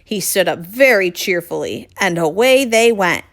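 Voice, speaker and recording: A woman reads a children's picture book aloud in a lively, sing-song voice. She speaks slowly and clearly, with plenty of rise and fall, and addresses young listeners directly. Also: medium pitch. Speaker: storyteller.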